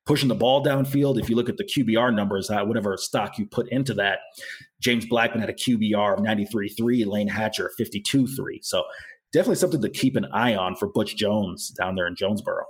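A man hosts a college football talk segment, running through scores and stats in a relaxed, conversational way. His voice sits on the low side and has a husky edge. He corrects himself often and throws in quick asides. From Florida. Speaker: sports talk host.

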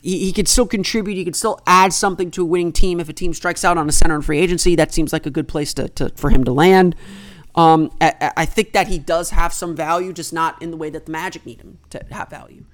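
A basketball analyst talking alone to the audience at a middling pitch. The delivery is explanatory and conversational, thinking aloud through trade scenarios and landing firmly on each opinion. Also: steady tone, fast talker. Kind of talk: solo sports commentary.

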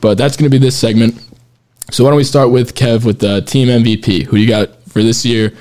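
A man hosting a loose, casual podcast, steering the talk between his friends. He rambles, circles back on his own sentences and keeps breaking into laughs. His voice sits at an ordinary middle pitch. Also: fairly even intonation, fairly quick, a little mellow. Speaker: podcast host. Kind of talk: casual chat.

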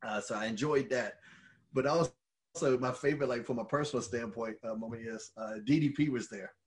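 A middle-aged man telling stories in casual chat, animated and swearing freely. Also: mid-range voice, moderate pace. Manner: animated storyteller who swears freely and laughs at his own stories. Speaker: podcast co-host and former wrestler.

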